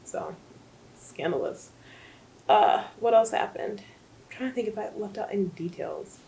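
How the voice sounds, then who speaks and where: A woman's voice: mid-range voice, moderate pace, gravelly, mellow, a little hiss or hum, poor audio. A young woman rambling through a casual book recap, full of fillers and asides. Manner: rambling, chatty, many fillers. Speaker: book vlogger.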